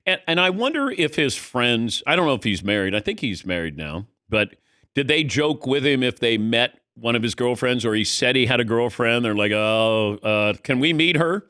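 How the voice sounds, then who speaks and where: A man's voice: medium pitch, normal speed, no echo. A middle-aged man hosting a sports talk show, telling stories in casual studio chat, acting out quotes and laughing as he goes. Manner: animated storyteller, acts out quotes, laughs mid-sentence. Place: radio studio.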